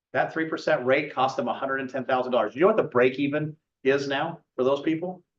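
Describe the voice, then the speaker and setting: Brash loan officer, blunt male storyteller, mid-pitched, muffled lo-fi sound. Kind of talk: casual sales talk to a meeting.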